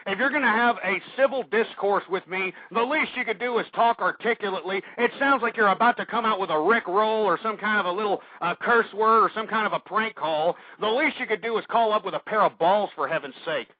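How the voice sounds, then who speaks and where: A high-pitched man hosts a call-in radio show in an abrasive, insulting, swearing rant. The sound is dry and close with no room around it. The audio is dull and lo-fi, like an old internet radio stream. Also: brisk, few pauses, dry recording. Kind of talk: ranting talk radio.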